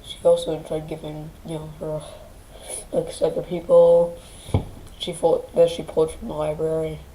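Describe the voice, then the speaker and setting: Woman host, grieving, near tears, low pitched and flat, halting speech. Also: slight background noise, poor audio. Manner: halting, restarting often, trailing off. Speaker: channel host. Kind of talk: personal grieving vlog.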